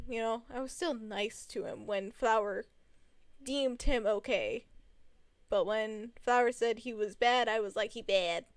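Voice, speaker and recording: A woman's voice: fairly high pitch, no room sound. A young adult woman in casual storytime narration, chatty and rambling with many fillers.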